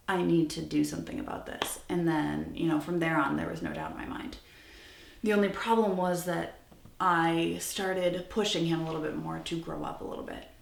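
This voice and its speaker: A woman in her twenties telling a personal story in a candid, conversational vlog, with lots of "like" fillers. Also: lowish voice. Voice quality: creaky, gravelly. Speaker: vlogger. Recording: echoey room, slightly off-mic.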